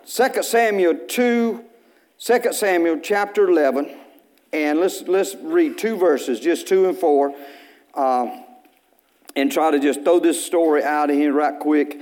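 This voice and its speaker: High-voiced folksy preacher man. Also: measured pace. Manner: folksy storytelling, bursts of loud preaching. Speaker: pastor. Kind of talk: sermon. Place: church.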